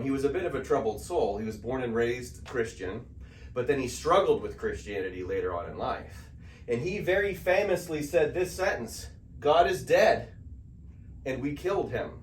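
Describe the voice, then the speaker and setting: A man's voice: mid-range voice, slight background noise. A man giving a conversational spiritual lecture to an audience, often checking in with "okay?". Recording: echoey room, mic at a distance.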